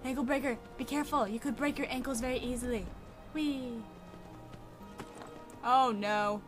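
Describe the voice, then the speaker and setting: A woman's voice: high-pitched, steady tone, normal speed, music in the background. A woman hosting a playful let's-play commentary, chatty and giggly, talking to the characters in the game. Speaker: gaming channel host.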